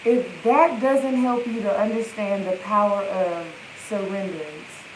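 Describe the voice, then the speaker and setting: A woman's voice: mid-range voice, measured pace, hardly any pauses, echoey room, slight background noise, poor audio. A woman healing coach, livestreaming from her phone and speaking in emphatic, repetitive affirmations. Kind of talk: live-stream self-help talk.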